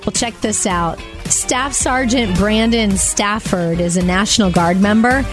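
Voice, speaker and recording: A woman's voice: medium pitch, a little slow. A female radio co-host with a mid-range voice. She tells short feature stories in an upbeat, conversational manner over faint background music. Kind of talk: reading light news stories on radio.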